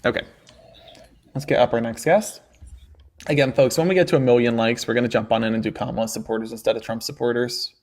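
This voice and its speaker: A man's voice: mid-range voice, steady tone, fast talker, darkish tone. A man hosting a live-stream call-in debate, mocking and needling his guests and laughing often. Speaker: livestream debate host.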